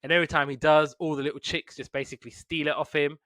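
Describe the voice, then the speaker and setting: A man hosting a podcast in casual chat, retelling cartoons with lively put-on voices. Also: a little high, fast talker, no room sound, studio quality. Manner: animated storytelling with put-on voices. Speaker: podcast host.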